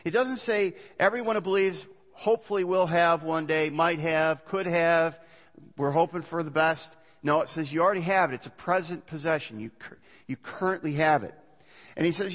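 A man's voice: fairly high pitch, moderate pace. Man preaching in a reverberant church. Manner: earnest preaching, reads scripture aloud, small restarts. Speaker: pastor. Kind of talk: sermon. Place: church sanctuary. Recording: muffled church recording with long reverb.

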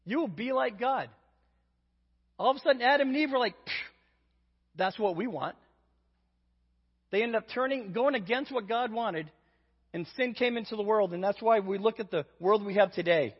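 High-pitched, brisk and a little rough, a man from Indiana delivers a sermon built around a funny personal story. He imitates each voice and leans on self-deprecating humor, heard through a dull lo-fi recording in a reverberant hall.

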